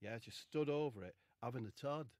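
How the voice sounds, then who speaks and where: A man telling a rambling comic story in a deadpan way, with casual swearing. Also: mid-range voice, brisk, no room sound, studio quality. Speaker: comedian.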